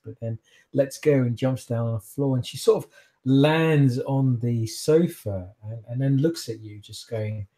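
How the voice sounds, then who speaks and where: A man narrating a tabletop role-playing game as game master, pausing and searching for words as he goes. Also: mid-range voice, warm tone.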